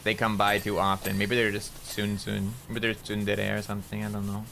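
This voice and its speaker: With a completely flat, brisk delivery, some vocal fry and a slightly bright edge, this Canadian man chats casually over a game stream amid slight background noise. He rambles, swears now and then, and coos at his cats in a high voice.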